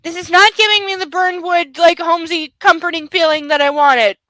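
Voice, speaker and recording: A woman's voice: very high-pitched, fairly even intonation, brisk, pushed and bright, no room sound, low-quality recording. A woman hosting a live stream book club, chatting sarcastically and playfully. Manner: sarcastic, playful, coos at her dog. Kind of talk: casual live stream chat and reading aloud.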